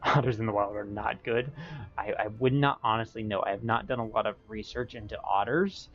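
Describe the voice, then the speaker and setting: A young man streaming a game at home, chatting in a rambling, excitable way with bursts of high-pitched yelling. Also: a little fast. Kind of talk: casual live-stream chat. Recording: dull lo-fi stream audio with faint music.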